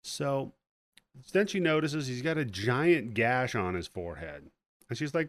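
A man's voice: medium pitch, unhurried, no room sound. A young man, a podcast host, casually recapping a film plot and acting out the characters' lines. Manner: animated retelling with quoted voices. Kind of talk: casual movie recap chat.

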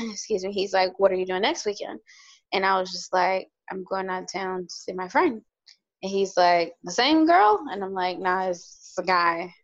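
A woman's voice: mid-range voice, normal speed, dull audio. Chatty woman telling a dating story. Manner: animated storytelling, quoting others. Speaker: podcast co-host. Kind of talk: casual chat.

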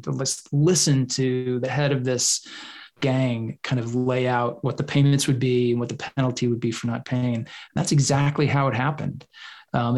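A man in his fifties, a guest in an interview, telling candid stories in a wry way with small chuckles and restarts. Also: medium pitch. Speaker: guest, former FBI official.

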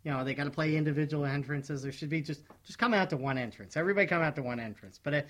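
A man's voice: a little high, racing. A man co-hosting a podcast, chatting casually and giving firm opinions, often restarting his sentences. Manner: opinionated, relaxed, frequent restarts. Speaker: podcast co-host. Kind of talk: casual wrestling podcast chat.

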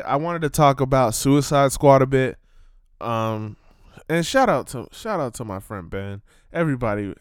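Man, casual ranting commentary, animated, swearing, smooth voice. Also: mid-range voice, dry recording, studio quality. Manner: animated, swearing, jumps between topics with loud outbursts. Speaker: vlogger.

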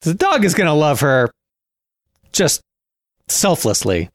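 A man co-hosting a casual comedy podcast, wry and quick with story ideas, often restarting his sentences. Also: fairly high pitch, wildly swooping pitch, dry recording, clean studio sound. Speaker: podcast co-host.

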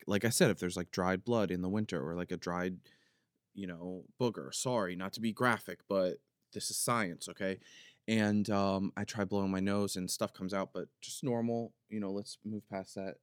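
A man's voice: low-pitched, fairly even intonation, normal speed, clean tone, no room sound, clean studio sound. A man hosting a podcast, telling a long story in a casual, rambling way full of "like" fillers. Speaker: podcast host. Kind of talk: casual comedic monologue.

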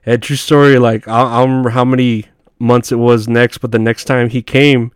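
A man's voice: mid-range voice, level tone, fairly quick, clean tone, no room sound, studio quality. A man telling rambling, profane work stories in a casual monologue, often laughing at himself. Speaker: podcast host.

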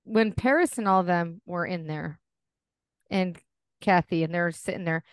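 A woman's voice: fairly low pitch, unhurried, clean tone, dry recording. A woman co-hosting a podcast, chatting casually and indignantly about a reality show, outspoken and swearing. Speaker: podcast co-host.

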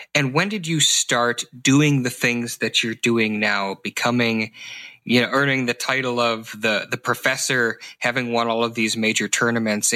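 Bright-voiced male podcast host. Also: medium pitch, rough recording. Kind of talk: podcast interview.

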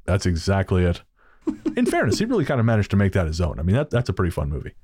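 Man, co-host, low voice, dry close sound, wry jokes, casual swearing. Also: wildly swooping pitch, rapid-fire, a little mellow, slightly rough, no room sound. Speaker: podcast co-host. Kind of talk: casual chat.

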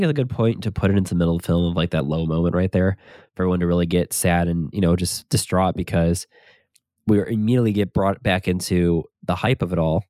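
A young man co-hosting a podcast, discussing a movie in relaxed, enthusiastic casual talk. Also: deep voice, no echo, clean studio sound. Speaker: podcast co-host.

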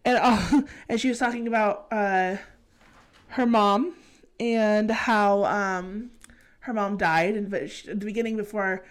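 A woman's voice: mid-range voice, unhurried. A young woman from California, co-hosting a podcast in casual chat, chatty and laughing often as she tells stories. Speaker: podcast co-host.

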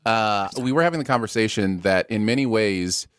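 A man's voice: lowish voice, smooth, no echo. A man hosting a casual livestream, reading out chat messages with lots of hesitant fillers and easy laughter. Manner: halting, full of uh and um, laughs easily.

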